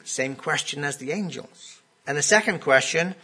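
A man's voice: fairly high pitch, lively intonation, unhurried, pushed and bright, slightly rough. A man preaching a sermon in a conversational way, often putting questions to his listeners.

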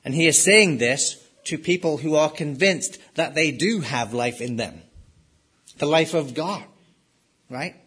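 A man preaching a sermon, emphatic, rising for stress and dropping low at the ends of points. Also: lively intonation, unhurried, a bit bright, husky. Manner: emphatic, rises and drops sharply for stress. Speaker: pastor.

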